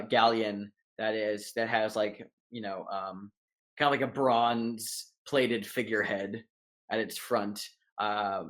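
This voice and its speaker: A young man running a tabletop game as dungeon master, narrating haltingly with many fillers. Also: mid-range voice, pushed and bright.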